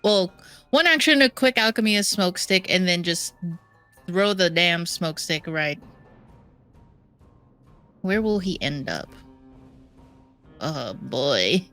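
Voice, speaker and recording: A woman's voice: on the low side, very animated, slow pace, long pauses, fairly bright tone, faint music behind. A woman playing in a tabletop game, thinking aloud and second-guessing her moves. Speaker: player.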